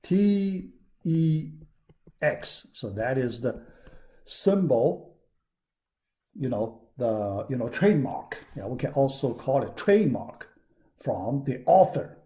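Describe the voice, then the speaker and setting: Man, university lecturer, slow, mellow, lively intonation, repeats words, many fillers. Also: medium pitch. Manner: halting, frequent "yeah" and "all right" fillers; repeats key words for emphasis. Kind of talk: recorded classroom lecture.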